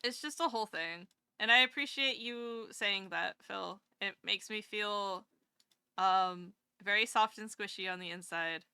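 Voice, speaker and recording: A woman's voice: mid-range voice, measured pace, bright, forceful tone, clean tone, dry recording. A woman VTuber streamer chatting casually with her viewers live, rambling and self-deprecating, gushing over kind messages.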